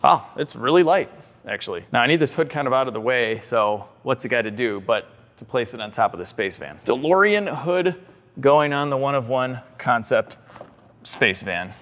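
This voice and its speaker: A young man filming a casual vlog in his garage workshop, chatting excitedly and joking while he works on a car with his tools. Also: mid-range voice, moderate pace. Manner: chatty, excitable, jokey asides while working. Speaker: car restoration YouTuber.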